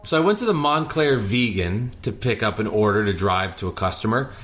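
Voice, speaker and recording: A man's voice: fairly low pitch, fairly quick, over music. Chatty man telling delivery stories. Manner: animated anecdotes, breaks into singing. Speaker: podcast host and delivery driver. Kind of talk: casual storytelling chat.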